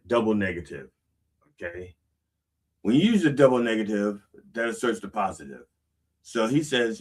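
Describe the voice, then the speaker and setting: Recorded far from the mic, a pastor with a fairly low voice preaches a casual sermon. He reads song lyrics aloud and explains them in a conversational way, frequently asking "okay?"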